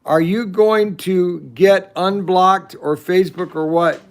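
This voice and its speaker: Casting: middle-aged male livestream host, slow and gravelly delivery, rambling chat. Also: sits high, steady tone. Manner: rambling, chats with viewers' comments. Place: shed.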